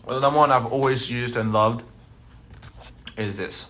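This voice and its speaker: A man's voice: medium pitch, normal speed, fairly bright tone. A man chatting casually on a phone live stream, playful and teasing, as a touring artist talking to his fans.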